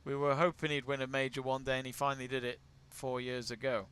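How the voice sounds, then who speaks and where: A man's voice: medium pitch, flat delivery, fast talker, a bit bright, smooth. A man from England hosting a live golf watch-along, chatting casually, greeting viewers and reading out their messages. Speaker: watch-along stream host.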